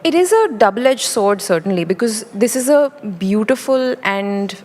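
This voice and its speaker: A woman's voice: mid-range voice, moderate pace. A young woman, an actress, answering questions thoughtfully and articulately in an on-stage interview. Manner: articulate, thoughtful, lively with light laughs. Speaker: actress guest. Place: large indoor conference stage. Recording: reverberant event hall.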